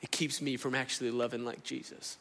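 A man, preaching a sermon in a lively, conversational way and often turning to the congregation. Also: medium pitch, a little fast, creaky. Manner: animated, conversational preaching, addresses crowd as y'all. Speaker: pastor. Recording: echoey hall.

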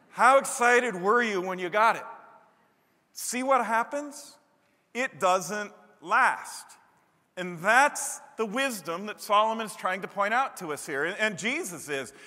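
A man preaching a sermon, animated, breaking into loud high-pitched bursts when he acts out what people say. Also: a little slow. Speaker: pastor. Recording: long hall reverb.

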